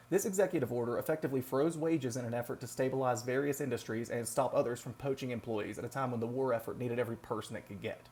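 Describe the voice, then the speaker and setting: Man reading a measured class presentation. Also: mid-range voice. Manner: steady, measured reading with occasional slips. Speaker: nursing student. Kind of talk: read-aloud class presentation.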